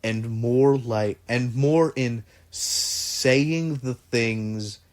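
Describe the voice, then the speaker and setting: A man running a tabletop game, explaining in a measured way. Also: medium pitch. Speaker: game master. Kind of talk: tabletop game narration and chat.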